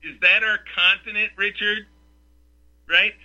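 A man's voice: sits high, steady tone, a little slow, sharp tone. Male radio host, combative rhetorical rants, piercing tone, muffled radio sound. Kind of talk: talk radio commentary.

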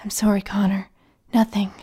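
A woman voicing a soft, sorrowful young fey woman in a breathy whisper, read as a whispered role-play in an audiobook. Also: mid-range voice, flat delivery, moderate pace. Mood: hushed.

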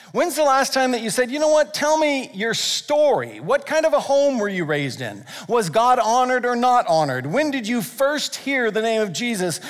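A male pastor preaching a sermon earnestly, swinging between loud emphatic lines and soft, slow prayerful passages. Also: sits high. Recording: long reverb of a large hall.

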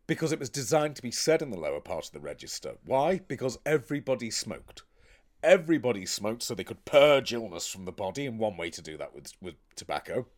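Man, actor, casual podcast chat, animated and foul-mouthed, very lively pitch. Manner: animated, blunt and profane.

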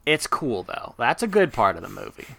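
A male podcast host chats in a rambling, enthusiastic flow, full of asides and fillers. His voice is bright and forward. It sounds dry and close to the mic. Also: mid-range voice, big pitch swings, normal speed, creaky, no echo. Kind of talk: casual chat.

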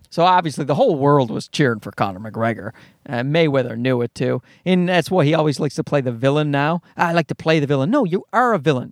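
A man's voice: fairly high pitch, no echo, studio quality. A man, hosting a solo comedy podcast, ranting and swearing sarcastically. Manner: profane, ranting, sarcastic, animated. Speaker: podcast host. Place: parked car.

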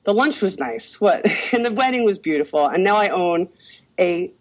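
A lively woman in her thirties chatting as a podcast guest, her pitch leaping up and down as she acts out what people said. She swears freely and laughs through her stories. The audio sounds dull and lo-fi. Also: normal speed. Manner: animated storyteller, swears freely, acts out quotes. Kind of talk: casual chat.

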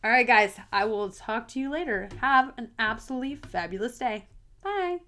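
A woman's voice: on the high side, lively intonation, normal speed, pushed and bright, slight background noise. Blunt, swearing podcast host woman. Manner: candid and blunt, swears freely, laughs often. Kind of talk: casual solo podcast talk.

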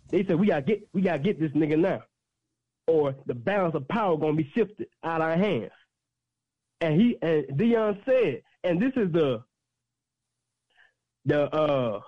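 A fired-up man, his voice pitched notably high as he hammers points home with repeated, preacher-like phrases. He comes through a dry, slightly dull call-in line with no room sound. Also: slightly rough, no echo. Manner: fiery, repetitive, preacher-like emphasis. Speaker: activist guest. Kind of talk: impassioned call-in commentary.

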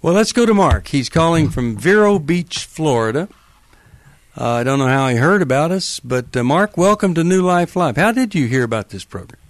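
A man's voice: on the high side, lively intonation, moderate pace, no room sound. Earnest male radio host, dry sound. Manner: earnest, emphatic, empathetic. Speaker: radio talk show host. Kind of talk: call-in advice radio.

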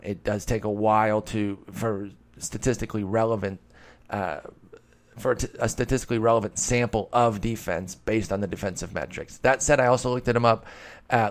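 A man hosting a casual solo podcast, answering listener questions in a rambling, self-deprecating way with bits of mock-heated sarcasm. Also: fairly low pitch.

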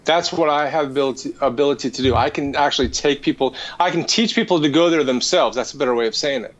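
A man's voice: mid-range voice, quick pace, dull audio. A man, an energy healer, earnestly retelling a spiritual experience in casual conversation. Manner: earnest, animated retelling with restarts. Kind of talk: casual storytelling.

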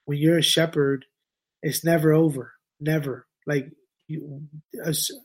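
A man appears as a podcast guest for a casual chat, speaking in informal slang and repeating his points for emphasis. His voice is a little high, with a level tone and a slightly slow pace.

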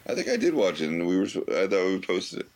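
A man with a low voice hosts a chatty podcast. He jokes around and laughs often as he trades banter with his co-host. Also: lively intonation, fast. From United States. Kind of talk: casual banter.

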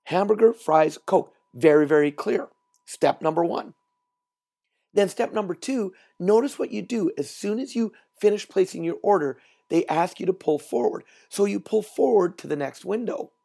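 A man hosting a solo motivational podcast, telling stories in an animated way and repeating words for emphasis. He is recording while traveling. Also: sits high, moderate pace, vocal fry. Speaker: podcast host and trainer.

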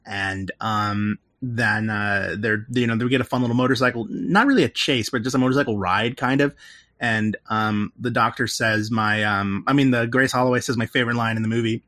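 A man on a casual podcast, walking through a movie's plot scene by scene. He rambles, hedges with filler words and laughs at the absurd bits, speaking at a middle pitch. The sound is close and dry, with no room around it. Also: moderate pace, pushed and bright, no room sound. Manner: rambling, heavy with "like" and "um", laughs at his own retelling. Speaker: podcast co-host recapping a film. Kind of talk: casual chat.

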